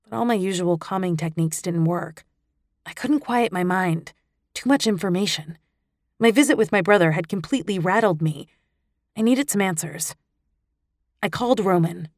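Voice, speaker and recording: A woman reads a first-person audiobook in a lowish, expressive voice. Her delivery stays intimate and close. The recording is dry with no room sound. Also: normal speed, long pauses, no echo. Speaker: audiobook narrator.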